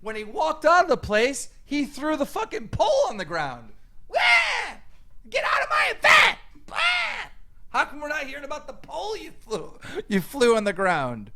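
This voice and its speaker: A man's voice: very high-pitched, wildly swooping pitch, moderate pace, hardly any pauses, a bit bright. A man ranting angrily and profanely, mocking the person he answers. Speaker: YouTube commentator. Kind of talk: heated rant.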